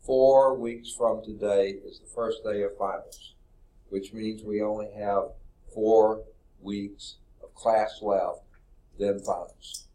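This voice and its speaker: A man's voice: fairly low pitch, fairly even intonation, slow, warm tone. A man teaching a math class, rambling and thinking aloud with frequent okays. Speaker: math professor. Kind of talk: classroom lecture. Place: lecture classroom.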